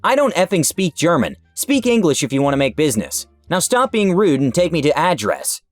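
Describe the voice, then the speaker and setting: A man's voice: fairly high pitch, very animated, brisk, voice pushed up. A man putting on a screaming, furious woman. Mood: angry. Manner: shouting, furious. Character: screaming rude foreign woman passenger. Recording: dry with faint music behind.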